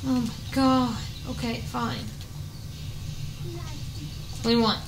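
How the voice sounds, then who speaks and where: A woman gaming on camera, swearing and venting frustration at the game as she plays, often breaking into shouts. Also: a little high, fairly even intonation, slow pace, reverberant, noisy background. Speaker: gaming YouTuber. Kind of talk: casual let's play commentary.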